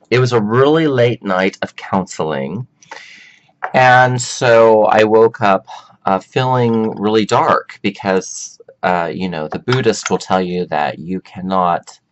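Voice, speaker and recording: A man with a fairly low voice talks slowly and easily, rambling in a casual monologue. He jumps between thoughts, drifts off topic and keeps tossing in exclamations. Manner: chatty and exclamatory, drifts off topic mid-sentence. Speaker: vlog host and counselor.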